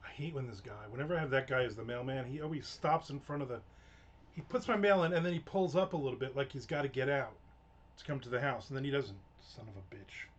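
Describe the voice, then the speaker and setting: A man's voice: medium pitch, fast talker, dull audio. A man on a live stream, telling an aggravated, profane story in a casual rant. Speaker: livestream host. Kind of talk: casual ranting monologue.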